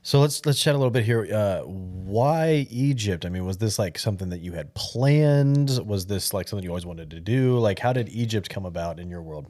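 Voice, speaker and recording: Fast-talking male interviewer. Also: fairly low pitch, expressive, dark tone. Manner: brief encouraging replies, asks questions. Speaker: host. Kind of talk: casual interview.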